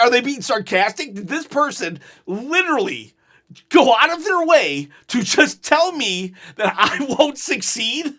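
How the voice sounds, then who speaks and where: A man reacting to wrestling clips in a casual, animated way, laughing through his words. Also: extremely high pitch.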